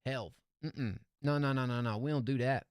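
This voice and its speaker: A young man hosting a live-stream song review, excitable and slangy, laughing often as he reacts. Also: medium pitch, normal speed, clean tone, dry recording, clean studio sound.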